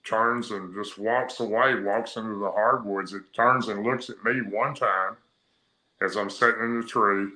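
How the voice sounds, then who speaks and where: Guy from rambling through his story, lotta uhs and ums, low bright voice. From Tennessee. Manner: rambling, plain-spoken storytelling with many fillers. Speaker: guest. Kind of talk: telling a personal story on a radio interview. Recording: echoey, roomy sound.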